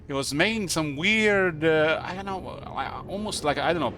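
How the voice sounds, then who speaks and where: A man with a fairly high voice streams a video game live over music. His commentary is casual and rambling, halting and packed with fillers.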